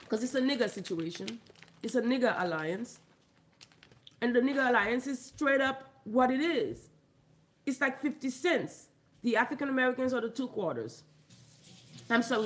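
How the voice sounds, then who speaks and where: A woman from Haiti, ranting bluntly and profanely into her phone, swinging between loud outbursts and muttering. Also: fairly high pitch, a little hiss or hum. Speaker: vlogger. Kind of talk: profane comedic rant.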